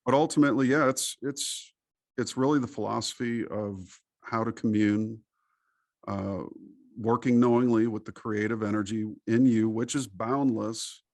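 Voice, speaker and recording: Gravelly low-voiced man preaching with gusto. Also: normal speed, dry recording, studio quality. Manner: animated, preachy storytelling with acted quotes. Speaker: interview guest. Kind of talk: casual podcast interview.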